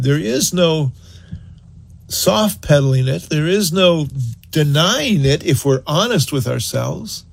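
A man preaching a sermon, telling the story in an animated, earnest way and urging listeners to act on it. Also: a little high, takes it slowly, creaky, slightly rough. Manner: animated storyteller, acts out scenes; earnest, exhorting.

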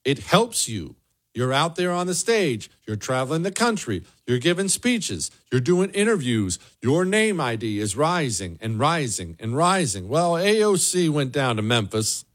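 A man's voice: medium pitch, very animated, measured pace, a bit bright. Blunt man hosting political commentary. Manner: blunt, sarcastic, emphatic repetition. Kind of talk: opinionated solo commentary.

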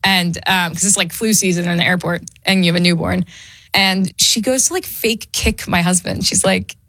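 A young woman chats as a radio guest, full of animated stories and quick put-on voices for the people in them. The studio microphone sits close and the sound is dry. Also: lowish voice, dry recording. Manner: animated storyteller who acts out quotes. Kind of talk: casual radio interview chat.

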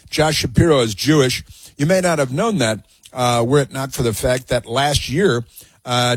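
A man hosts a talk radio show in a husky voice, rambling and openly mocking, with many filler words. His voice is recorded dry and close in a studio, and faint music sits underneath. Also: mid-range voice, no echo. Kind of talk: opinionated talk radio commentary.

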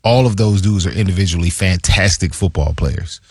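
A man's voice: deep voice, moderate pace, breathy edge, no echo, clean studio sound. A man who played pro football, co-hosting a casual sports talk and telling stories about his playing days in a laid-back way. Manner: storytelling, laid-back, animated retelling.

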